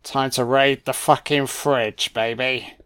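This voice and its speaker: A man's voice: a little high, a little slow. A man giving a sarcastic, foul-mouthed comedic commentary on a film. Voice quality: sweary, sarcastic, deadpan. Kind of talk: profane comedic movie commentary.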